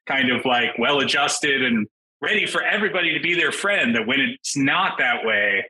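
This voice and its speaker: A man's voice: medium pitch, moderate pace, slight background noise, rough recording. A middle-aged man, a game designer, chatting casually as a podcast guest and acting out quotes with sudden jumps in his voice. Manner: animated, acts out quotes in raised voices.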